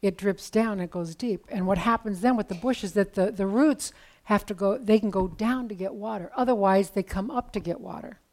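A woman's voice: mid-range voice, normal speed, a little mellow. A woman preaching a sermon in a conversational, storytelling way with casual asides.

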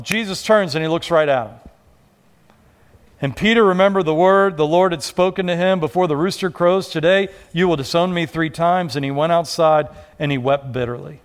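A man's voice: high voice, moderate pace. A male pastor preaching a sermon in a conversational way, acting out quoted voices.

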